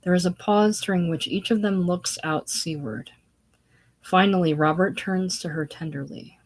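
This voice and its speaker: Woman reading a play out loud, deep-ish voice, steady with little slips. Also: normal speed, rough recording. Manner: steady, with small slips and restarts. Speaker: reader. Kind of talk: reading stage directions aloud.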